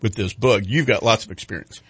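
A man's voice: on the low side, fairly quick, fairly bright tone, breathy edge, no echo. A man hosting a casual interview, joking and asking leading questions. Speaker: interview host.

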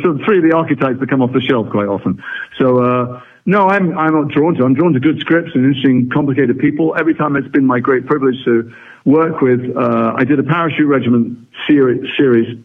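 Husky-voiced actor on a radio line. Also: male voice, medium pitch, narrow, tinny audio. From England. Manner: reflective, articulate, wry. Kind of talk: radio interview guest.

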